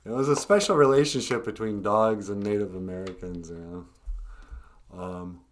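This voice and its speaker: A man hosting a casual live stream, talking hesitantly with many pauses and fillers. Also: lowish voice. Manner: hesitant, many ums and uhs. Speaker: host.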